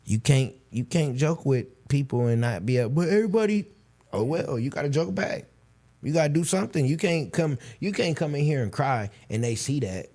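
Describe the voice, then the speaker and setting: Male host, 30s, animated storyteller in casual interview. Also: mid-range voice, moderate pace. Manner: animated storytelling, acts out quoted voices. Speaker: podcast host.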